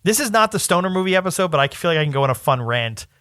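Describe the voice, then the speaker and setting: Podcast guy rambling and laughing, voice on the higher side and bouncing all over, super dry close mic. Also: clear, resonant tone, no echo. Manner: rambling, laughs often, stumbles and restarts; animated, slips into quick put-on voices. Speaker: podcast co-host. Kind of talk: casual chat.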